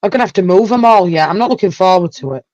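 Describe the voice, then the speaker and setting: A woman hosting a casual livestream chat, talkative and quick to exclaim. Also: mid-range voice, lively intonation, a little mellow, no echo, highs cut off. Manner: chatty, exclaims and laughs often. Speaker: livestream host.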